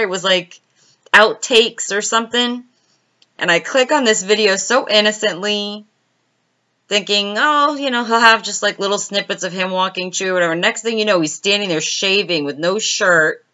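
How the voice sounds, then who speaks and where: A woman's voice: mid-range voice, pushed and bright, lo-fi sound. A woman hosting a casual live stream, chatting and laughing as she answers viewers' comments by name.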